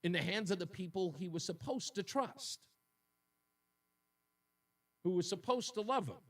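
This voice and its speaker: Male talk radio host, high-pitched, indignant and emotional, a little off mic. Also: expressive, unhurried, recorded from a distance. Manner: indignant, emotional, repeats points for emphasis.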